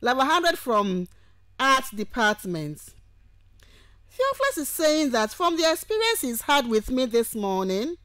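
A woman lecturer, teaching on radio and taking calls, who speaks warmly and affectionately and repeats points patiently. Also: sits high, no echo. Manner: affectionate, calls listeners sweetheart and my dear. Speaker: university lecturer. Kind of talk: radio lecture with call-ins.

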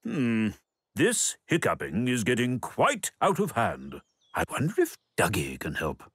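Slow, expressive male cartoon narrator. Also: medium pitch, husky. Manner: gentle, patient, talks to the characters. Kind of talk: scripted children's cartoon narration.

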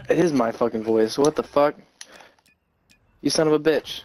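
A man's voice: on the high side, normal speed, a little mellow, slight background noise. A man in an online game's voice chat, incredulous and swearing, often breaking into laughter. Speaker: online game player.

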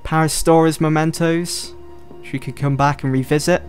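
A man's voice: on the high side, steady tone, normal speed, soft background music. A man giving casual let's-play commentary, chatting and thinking aloud as he explores. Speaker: gameplay commentator.

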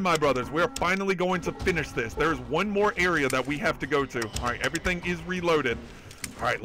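A man's voice: fairly high pitch, low-quality recording. A man streaming a game live, chatting casually, swearing often and reading out and thanking viewers from chat. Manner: excitable, swears often, reads chat aloud and thanks donors. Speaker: livestreaming gamer. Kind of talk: casual live gameplay commentary. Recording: game music in the background.

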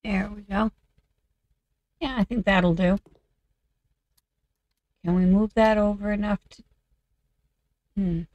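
A woman's voice: mid-range voice, fairly even intonation, slow, pauses often, a little mellow, no room sound, dull audio. A woman with a slightly off, coughing voice, casually talking through her game and muttering to herself as she works. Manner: muttering to herself while working. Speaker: video game creator. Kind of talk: casual gameplay commentary.

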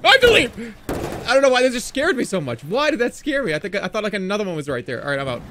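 Guy yelling and laughing through a game stream, high voice all over the place. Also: very fast, a little hiss or hum. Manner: excitable, bursts into laughter and shouting. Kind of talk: live game-stream commentary.

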